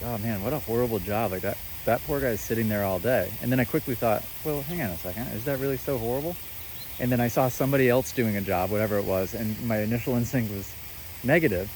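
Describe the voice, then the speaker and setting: A man talking casually in a vlog, coaching a young rider and then musing in a relaxed, reflective way in his backyard. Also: lowish voice, a little hiss or hum, low-quality recording. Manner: coaching calls to a child rider; hushed, almost whispering. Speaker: vlogger and motocross coach. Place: outdoors at home, backyard.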